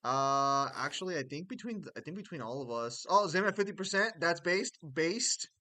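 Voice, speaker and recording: Streamer guy rambling and cursing, bright crisp voice, dry close mic. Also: a little high, moderate pace, no echo. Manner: rambling, swears, animated outbursts. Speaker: streamer host. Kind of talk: casual stream chat.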